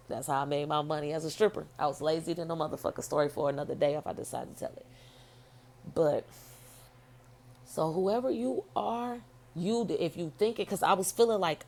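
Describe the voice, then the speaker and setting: Low gravelly-voiced woman telling a story. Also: darkish tone. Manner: rambling, profane, blunt. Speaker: vlogger. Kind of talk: casual storytelling monologue.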